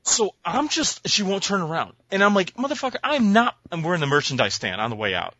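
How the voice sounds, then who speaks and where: Brief: man, podcast co-host, animated ranting storyteller, bright voice, dry lo-fi sound. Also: fairly high pitch, a little fast, no echo. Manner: profane, exasperated, acts out voices in his stories. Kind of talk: casual chat, ranting storytelling.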